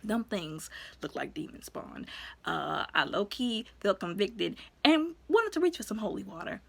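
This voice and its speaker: A woman casually recapping a movie in a chatty, animated way. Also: medium pitch, measured pace, creaky. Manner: chatty, animated, colloquial, acts out quotes. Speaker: movie reviewer.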